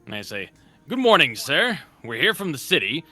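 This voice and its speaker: A man's voice: a little high, big pitch swings, moderate pace, music in the background. A man playing a character in a tabletop game, talking in a playful way. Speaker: player. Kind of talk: tabletop game role-play.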